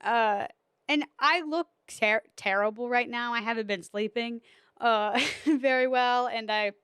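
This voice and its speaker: A young woman talks on her own podcast in a loose, rambling storytelling way, laughing often between fillers. Her voice sits a little high and comes through smooth and resonant. The sound is dry and close, with no room around it. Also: unhurried, a bit bright, no room sound. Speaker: podcast host. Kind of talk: casual solo chat.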